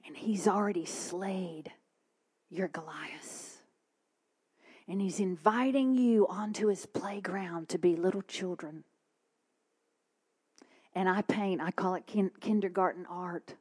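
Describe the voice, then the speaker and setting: A woman preaches from her own story. She tells it dramatically, often sinking to a hushed whisper. Her pitch sits in the middle of the female range. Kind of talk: testimony preaching.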